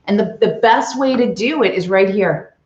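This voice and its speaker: A woman's voice: medium pitch, normal speed, a little mellow. A middle-aged woman, an author and CEO, giving emphatic coaching advice as an interview guest. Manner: emphatic, coaching tone with rhetorical questions. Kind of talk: interview on leadership. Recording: roomy, dull lo-fi video call audio.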